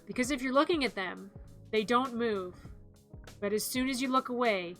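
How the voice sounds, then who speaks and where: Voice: mid-range voice, normal speed, fairly bright tone, soft background music. A streamer chatting casually on a live stream, in a playful, giggly way, acting out zombie growls and screams.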